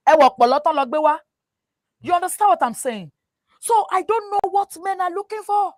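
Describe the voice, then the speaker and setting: A woman with a Nigerian accent, her voice pitched high, lectures animatedly and keeps asking whether you follow her. She drops into Yoruba now and then, and the sound is close and dry, with almost no room. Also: a little fast, dry recording. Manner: animated, preachy, often asks "you understand?"; mixes English with Yoruba. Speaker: guest. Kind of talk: casual talk show chat.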